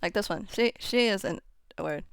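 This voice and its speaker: A woman casually teaching how to pronounce Japanese syllables, chatting informally and then singing the syllables out in a steady tone. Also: medium pitch, normal speed, vocal fry, clean tone, no echo. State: voice getting strained. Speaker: UTAU voicebank tutor.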